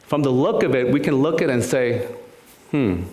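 This man's sermon is earnest and expressive, delivered at a moderate pace in a mid-range, darkish voice that echoes through the room. As a preacher, he repeats words frequently and performs the lines spoken by characters in his story.

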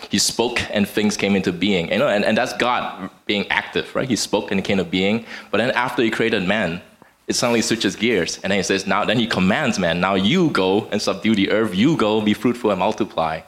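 A man in a church group discussion, explaining a teaching in a measured, explanatory way with some restarts. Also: low voice, fairly bright tone.

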